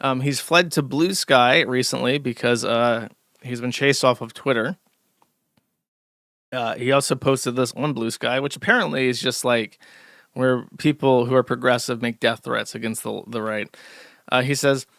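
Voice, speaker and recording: Sharp-voiced sarcastic male streamer. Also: mid-range voice, fairly even intonation, normal speed, gravelly, no echo, studio quality. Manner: sarcastic, rambling with fillers and laughs. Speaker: streamer host. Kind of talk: casual ranting commentary.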